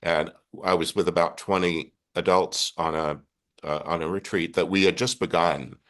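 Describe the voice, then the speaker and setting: Brief: older Texan priest, very low voice, earnest storyteller who keeps restarting his sentences. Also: fairly even intonation, normal speed, a bit bright. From Texas. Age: 60s. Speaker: Catholic priest and guest. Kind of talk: conversational storytelling interview.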